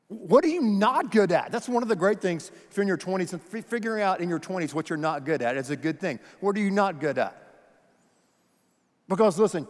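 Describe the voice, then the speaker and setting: A man's voice: high voice, long reverb tail. A middle-aged man preaching a sermon, emphatic and conversational, firing off questions at the congregation. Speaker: pastor.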